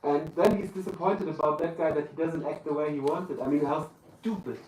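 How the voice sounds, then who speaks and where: A man with a German accent answers questions as a guest on a live podcast, pausing and hunting for words. His voice sits fairly high. The sound is distant and roomy, with faint room noise behind. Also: darkish tone. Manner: halting, searching for words.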